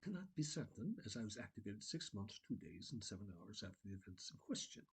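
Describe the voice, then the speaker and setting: A man's voice: fairly low pitch, big pitch swings, brisk, slightly rough, full character voice, rough recording. A man voicing Lima, a precise ship AI. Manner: formal, precise, literal wording. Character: formal literal-minded ship computer, female-named AI.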